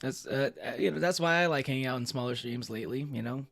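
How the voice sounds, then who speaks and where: A young man chats casually on a livestream, his mid-range voice quick, gravelly and a bit bright. He rambles to viewers, laughing often and full of fillers and restarts, with soft music in the background.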